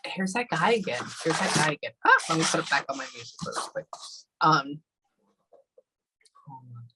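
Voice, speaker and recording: A woman's voice: low voice, very animated, background noise. A woman working as a psychic medium during a live reading session, often stopping to say hold on and um. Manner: halting, often pausing with hold on and um.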